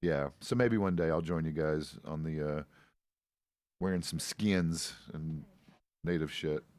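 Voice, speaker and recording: A man's voice: extremely low pitch, a little slow, darkish tone, no room sound. A middle-aged man, a roleplay streamer, chatting out of character in a laid-back, rambling, profane way. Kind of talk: casual out-of-character chat.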